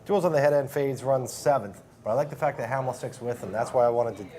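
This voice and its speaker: A man's voice: mid-range voice, darkish tone. A man casually talking through horse racing picks as a handicapper, rattling through each horse's form. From Canada. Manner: quick, conversational, fast breakdown of form.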